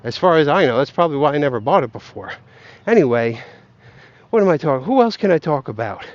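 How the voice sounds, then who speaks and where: A man's voice: on the high side, very animated, fast talker, dry recording, dull audio. A man ranting and joking while walking outdoors, profane and rambling, talking straight to his viewers. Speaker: vlogger. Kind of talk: rambling comic rant. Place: outdoors, walking along a path.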